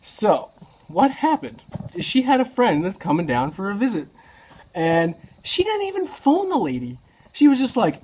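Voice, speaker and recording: A woman on a motorcycle trip, chatting in a casual video diary, excitable and incredulous, swearing freely. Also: mid-range voice, normal speed, a little hiss or hum, poor audio. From Canada. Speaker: motorcycle travel vlogger.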